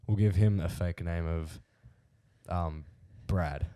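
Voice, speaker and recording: Young Australian guy, lowish voice, casual storyteller who laughs through his yarns, podcast co-host. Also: fairly even intonation, slow pace, mellow.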